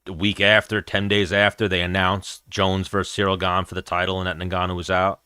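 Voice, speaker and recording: A man with a deep voice and a forceful, crisp edge chats as a podcast host. He argues his opinions in an easy, step-by-step way. The sound is close and dry. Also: monotone, brisk, no echo. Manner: opinionated, talks through his reasoning. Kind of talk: casual fight-watching chat.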